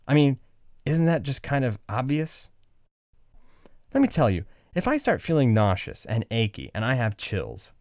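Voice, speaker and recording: A man hosting a podcast, explaining philosophy in an animated, conversational way and acting out little voices. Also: lowish voice, dry recording, studio quality. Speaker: podcast host.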